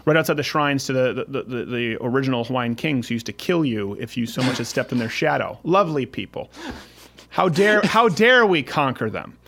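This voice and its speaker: A man's voice: medium pitch, animated, a little fast, gravelly, background noise. A man hosting a casual political talk show, talking in a sarcastic, rambling way with frequent restarts. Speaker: podcast host.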